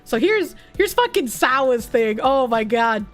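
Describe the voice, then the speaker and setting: A woman streamer talks casually to her chat, crude and teasing, often breaking into laughter. Her voice sits high and moves with lively swings in pitch. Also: unhurried, faint music behind.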